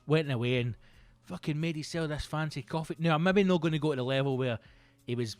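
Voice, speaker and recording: A Scottish comedian in his thirties hosting a podcast, rambling through a casual comic monologue that is full of swearing and breaks into loud outbursts. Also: fairly high pitch, fast talker, dry recording, soft background music. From Scotland. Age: 30s. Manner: sweary, rambling, animated bursts into loud exclamations.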